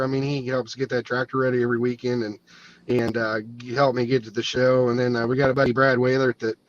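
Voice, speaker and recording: A man's voice: medium pitch, a little hiss or hum. A man guest humbly thanking his crew in a rambling, grateful way. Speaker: guest puller. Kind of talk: casual interview answers. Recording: distant dull lo-fi audio.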